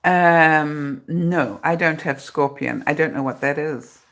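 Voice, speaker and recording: A middle-aged woman with a low voice talks casually into her phone on a live broadcast. She chats with viewers, laughs easily and leans on dry, sarcastic humor. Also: steady tone, slow pace, a bit bright. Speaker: vlogger hosting a live broadcast. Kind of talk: casual live-stream chat.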